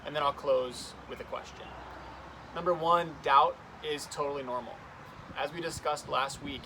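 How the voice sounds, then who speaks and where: A man's voice: medium pitch, noisy background. Youth pastor, young adult man, conversational devotional talk, faint outdoor street sound. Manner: earnest, conversational storytelling.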